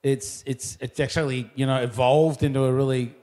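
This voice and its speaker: A man looking back on his surfing years in relaxed, rambling casual talk with many fillers. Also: mid-range voice, moderate pace. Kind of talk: casual reminiscing.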